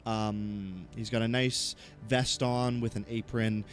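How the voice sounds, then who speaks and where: A man's voice: lowish voice, flat delivery, slow pace, soft background music. A man narrating a tabletop game as game master, describing scenes casually with many fillers.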